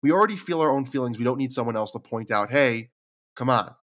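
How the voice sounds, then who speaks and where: Racing along in an expressive, medium-pitched voice, a man hosting his own podcast gives a reflective solo talk. He confides earnestly about his struggles, now and then repeating words when feeling moved.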